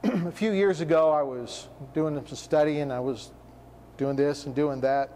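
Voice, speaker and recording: A man preaching a sermon, firing off rhetorical questions with emphasis and sinking into a hushed tone for personal stories. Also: fairly high pitch, normal speed, in a large hall, a little hiss or hum.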